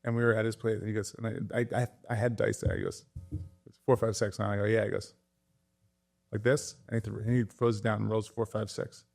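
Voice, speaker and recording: A man's voice: on the low side, brisk, gravelly, soft background music. Man, tattoo artist guest, casual chat, swears, laughs a lot. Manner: animated storyteller, swears, laughs often.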